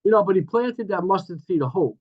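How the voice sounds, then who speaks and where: A man in his sixties from New York, sharing his recovery story at a meeting in a lively, joking way over a video call. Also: sits high, fairly quick, muffled recording. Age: 60s. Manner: lively storytelling with playful asides. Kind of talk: personal recovery share.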